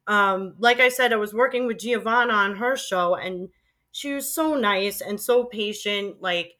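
A woman's voice: medium pitch, a little slow, sharp tone. A middle-aged woman with a Queens, New York accent, chatting casually in an interview about her radio days, laughing often as she remembers. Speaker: guest, former college radio DJ.

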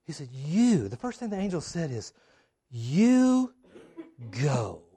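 A man preaching a sermon, acting out the people in the story with big swings in loudness and emphasis. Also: fairly quick, breathy edge. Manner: animated, acts out quoted voices with big swings in pitch and loudness. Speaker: pastor.

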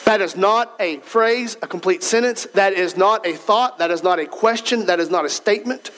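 A man's voice: sits high, moderate pace, fairly bright tone, a little hiss or hum, rough recording. A man preaching a sermon as pastor, in a conversational, emphatic way, speaking straight to the congregation in a church.

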